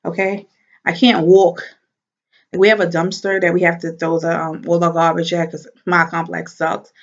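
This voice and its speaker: A woman's voice: lowish voice, normal speed. Chatty woman on a dull lo-fi recording. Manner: chatty and animated, laughs while talking. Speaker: vlogger. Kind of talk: casual chat to camera.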